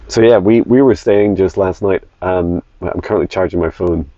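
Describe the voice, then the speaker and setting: A man's voice: low voice, warm tone, no room sound, dull audio. A man vlogging casually from his campervan, musing aloud with enthusiasm as he talks into a phone. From Scotland. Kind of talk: casual travel vlog. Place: inside a campervan while driving.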